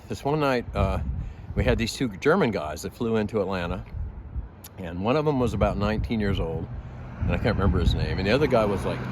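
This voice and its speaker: A man's voice: low voice, background noise. A man who drives hikers, telling a story in a casual, folksy way.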